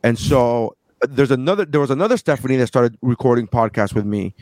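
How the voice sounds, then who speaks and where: A man's voice: mid-range voice, fairly quick, a little mellow, no room sound. A man hosting a podcast, telling crude, joking stories in casual chat. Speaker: podcast host.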